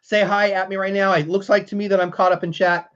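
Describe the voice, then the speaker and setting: A man's voice: sits high, little pitch movement, fast, a bit bright, muffled recording. Chatty man hosting a live stream. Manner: chatty, reads and answers chat, emotional. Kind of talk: casual live-stream chat.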